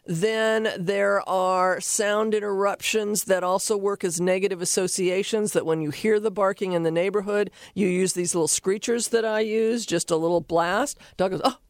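A woman hosting a radio talk show, giving animated, rambling dog behavior advice from a studio. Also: mid-range voice, normal speed, hardly any pauses, no echo.

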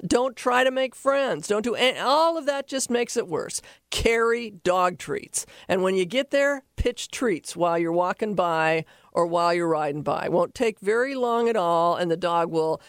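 A woman hosting a radio talk show, giving animated, rambling dog behavior advice from a studio. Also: medium pitch, no echo.

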